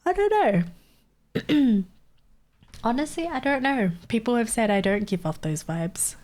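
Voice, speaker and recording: A woman's voice: fairly high pitch, animated, moderate pace, a little mellow. A young woman streamer with a stuffy nose and sore throat, chatting casually and answering her chat. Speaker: live streamer.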